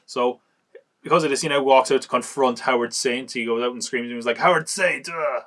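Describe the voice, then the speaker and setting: A man casually reviewing an action movie on a podcast, chatty and amused, recapping scenes and acting out quick quotes. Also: mid-range voice, fairly even intonation, a bit bright.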